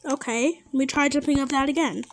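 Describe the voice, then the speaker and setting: A woman giving casual gameplay commentary, chatty and excitable and easily startled. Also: high voice, fairly quick, a little hiss or hum. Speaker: gamer.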